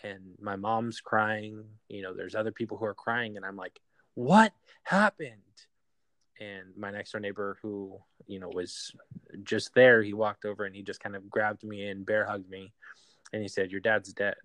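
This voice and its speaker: Low-voiced man, halting and hesitant. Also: level tone, a bit bright, no room sound. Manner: halting, many fillers and restarts. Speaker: guest. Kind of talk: personal story in an interview.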